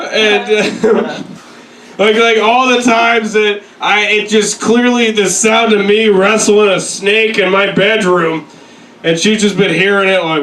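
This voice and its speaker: A young man performing a stand-up set, telling crude, self-deprecating stories and slipping into quick put-on voices. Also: sits high, fairly bright tone, slight background noise. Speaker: stand-up comedian. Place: comedy club stage. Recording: echoey room, mic at a distance. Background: audience laughter.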